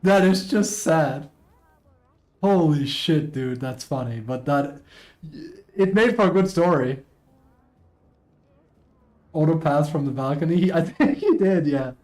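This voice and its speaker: Male streamer, casual live chat, excitable and swears freely, a touch high-pitched. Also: slow, long pauses. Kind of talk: casual live-stream commentary, reading posts aloud.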